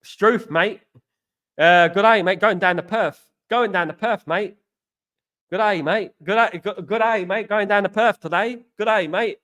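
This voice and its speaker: A man's voice: high voice, a little slow, fairly bright tone. A man doing a hammy put-on Australian accent, playing a cheery Australian bloke who repeats stock greetings.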